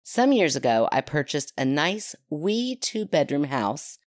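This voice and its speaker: A chatty woman hosting a podcast, her voice sitting very low. She talks casually with quick asides and laughs, then reads a listener story aloud. The sound is dry and close. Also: big pitch swings, no room sound. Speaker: podcast host.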